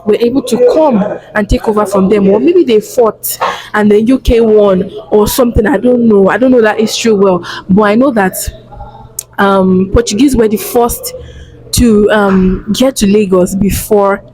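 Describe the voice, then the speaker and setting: A young Nigerian woman vlogger with a Nigerian accent, explaining in a hushed, lowered voice with chatty restarts and asides. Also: moderate pace, a little hiss or hum, rough recording. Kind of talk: casual explainer vlog.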